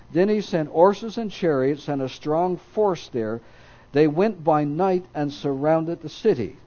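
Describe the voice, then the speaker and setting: A man's voice: very animated, a little slow, dark tone. Man preaching and reading scripture, lo-fi. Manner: reads scripture aloud, acting out the quoted voices with raised pitch; stops to correct himself mid-reading.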